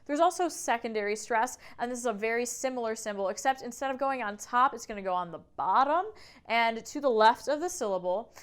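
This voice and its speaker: A woman's voice: on the high side, clear, resonant tone. A woman singing teacher explaining phonetics in a video lesson, demonstrating sounds aloud in an upbeat way.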